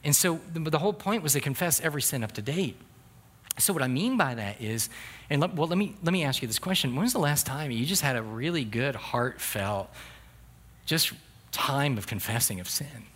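A man's voice: mid-range voice, animated, normal speed, fairly bright tone. A middle-aged man preaching a sermon as a pastor, telling humorous stories with asides to the congregation.

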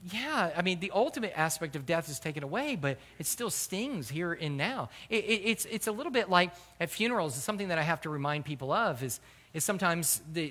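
A man's voice: high-pitched, pushed and bright. A middle-aged male pastor preaching a sermon, earnest and conversational, repeating key phrases for emphasis and telling personal stories. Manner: conversational storytelling with fillers.

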